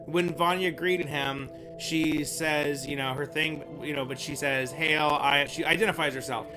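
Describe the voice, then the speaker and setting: A man's voice: fairly high pitch, fairly even intonation, measured pace, music in the background. A man playing in a tabletop game, chatting casually with stammering restarts and self-deprecating laughs. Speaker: player.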